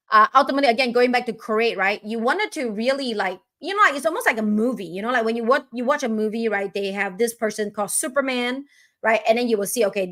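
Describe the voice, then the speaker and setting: A woman hosting a live online coaching session, talking energetically and often checking in with "right?". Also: on the high side. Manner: energetic, keeps asking "right?". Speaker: host and business owner.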